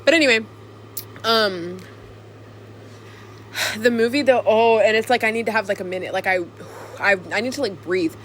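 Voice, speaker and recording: A woman's voice: on the high side, moderate pace, pauses often, slight background noise. A young woman vlogging to her camcorder alone, chatting casually in a rambling, giggly way. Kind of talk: casual chat to camera. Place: alone in a room.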